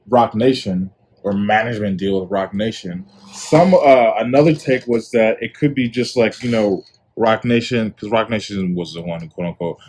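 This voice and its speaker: Low and dark-toned, this young man's voice carries his own podcast. He rambles through casual solo commentary in a laid-back way, leaning heavily on fillers.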